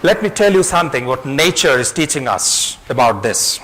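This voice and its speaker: A man's voice: mid-range voice, very animated, normal speed, fairly bright tone, rough recording. A man giving a motivational talk to an audience, speaking emphatically, repeating his key phrases and telling a parable.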